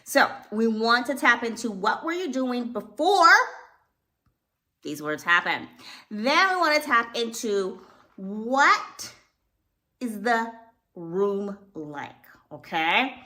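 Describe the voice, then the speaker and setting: A woman acting teacher explaining a scene, animated and acting out little examples as she talks. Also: on the high side, takes it slowly. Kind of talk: instructional video.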